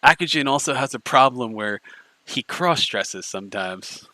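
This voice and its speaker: Male stream host, casual mocking banter, stumbles over words, mid-pitched and dry. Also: animated, moderate pace, pushed and bright, dry recording, low-quality recording.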